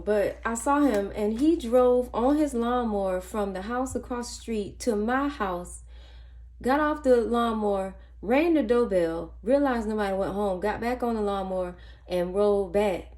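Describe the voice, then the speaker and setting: A woman's voice: medium pitch, a little slow. Chatty woman counting cash. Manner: chatty, animated storytelling, counts money under her breath. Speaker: budgeting vlogger. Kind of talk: casual storytelling while counting cash. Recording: faint background noise and clicks.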